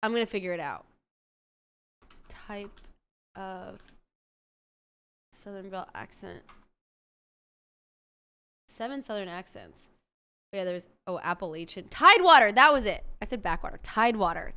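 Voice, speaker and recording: Woman, streamer host, casual chat, lively swooping pitch, bright voice, rambling. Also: measured pace, pauses often, clear, resonant tone. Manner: rambling, searches aloud for words. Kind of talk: casual chat while building a game character.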